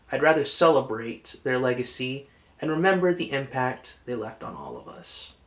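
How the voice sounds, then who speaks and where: A man's voice: mid-range voice, a bit bright, no echo. Earnest man narrating a tribute. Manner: earnest, reflective. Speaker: video essay narrator. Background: music.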